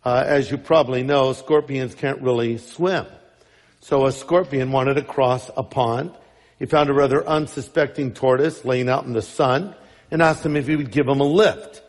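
A man's voice: medium pitch, fairly even intonation, moderate pace. A man preaching a sermon as pastor, emphatic and fond of rhetorical questions. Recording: long reverb in large hall.

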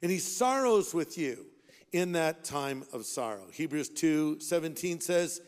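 Brief: fervent male pastor, fairly high voice, long hall reverb. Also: animated, a little slow. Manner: impassioned, rhetorical questions, shifts from loud to hushed. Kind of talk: sermon.

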